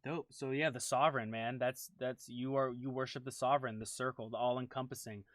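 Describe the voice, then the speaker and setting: A man's voice: mid-range voice, steady tone, fairly quick, dry recording. A man running a tabletop game, talking casually and upbeat, often repeating himself. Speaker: game master. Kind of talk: wrapping up a tabletop game session.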